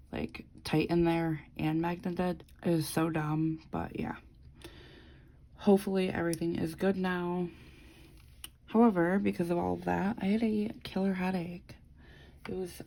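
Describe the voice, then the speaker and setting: A woman's voice: on the low side, creaky, mellow, low-quality recording. A woman vlogger chatting casually as she decorates her planner, rambling through a story with lots of fillers and the odd swear.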